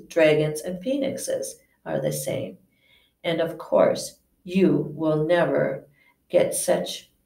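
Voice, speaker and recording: A woman reading aloud and voicing an intense old male wandmaker, who talks in a measured, musing way with hesitant restarts. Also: low-pitched, gravelly, warm tone, exaggerated voice. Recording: echoey room, distant mic.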